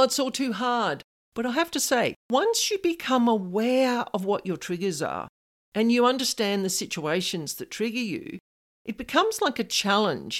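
A woman in her fifties talks through her advice in an earnest, chatty way. Her pitch swings widely as she goes, lifting and dropping through each point. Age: 50s. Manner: earnest, animated, conversational. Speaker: spiritual advisor. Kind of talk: direct-to-camera advice talk.

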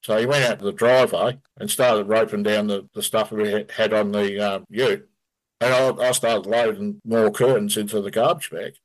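A man's voice: lowish voice, fairly even intonation, normal speed, low-quality recording. Australian man telling a ghost story. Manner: vivid storyteller who acts out quotes. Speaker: guest. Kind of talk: casual storytelling.

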